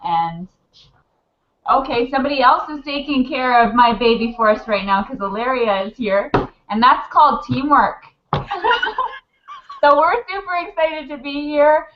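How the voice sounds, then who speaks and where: A woman guest in a casual video chat, rambling and giggling. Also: mid-range voice. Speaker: guest mom. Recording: dull lo-fi audio with clicking noise.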